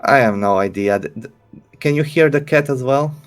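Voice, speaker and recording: A man's voice: mid-range voice, moderate pace, soft background music. A man playing a tabletop game, hesitant and often stammering. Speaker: player.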